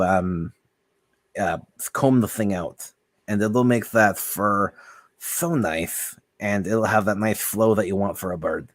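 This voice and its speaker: A man's voice: lowish voice, dry recording. A man chatting casually on a livestream, giving rambling tips with many fillers and reading search results aloud. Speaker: guest giving advice.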